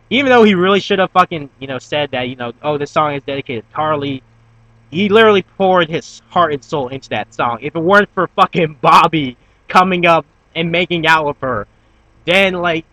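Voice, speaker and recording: A man's voice: a little high, pushed and bright, no room sound, dull audio. A young man giving a casual, rambling review of a TV episode. He fills his talk with fillers and restarts and swears when he gets worked up. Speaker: YouTube TV reviewer.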